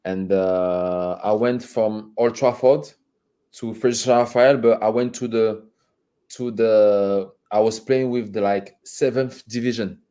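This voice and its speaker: A man speaking as an interview guest about his football career, talking haltingly, repeating words and laughing between phrases. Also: fairly low pitch, steady tone, warm tone, clean tone. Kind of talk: candid conversational interview.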